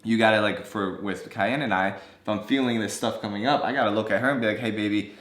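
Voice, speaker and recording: A man's voice: lowish voice, quick pace. Young man telling a story in an echoey room. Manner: animated, acts out quoted dialogue. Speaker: co-host of a couple's channel. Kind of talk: casual storytelling.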